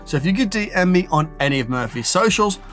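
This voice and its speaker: A male host speaks straight to viewers in an upbeat promo voice that bounces and sings along. His voice sits high for a man, with a little music underneath. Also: expressive, fast talker. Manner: bright, bouncy, sing-song delivery. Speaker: show host.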